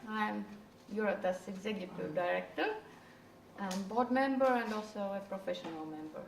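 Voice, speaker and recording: Woman director, touch of fry, brisk self-intro, distant mic. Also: medium pitch, slight background noise. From Latvia. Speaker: executive director. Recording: echoey hall, distant mic.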